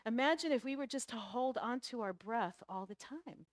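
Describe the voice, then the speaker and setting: A woman's voice: on the high side, expressive, normal speed, no echo, studio quality. A woman minister giving a conversational sermon, laughing often and acting out the characters of a story.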